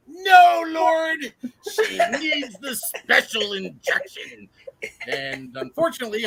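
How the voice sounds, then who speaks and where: A man playing a bawdy male priest hearing confession in a mock-pious, booming comedic bit. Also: vocal fry, pushed and bright, breathy edge, heavily acted. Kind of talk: comedic character bit on a video call.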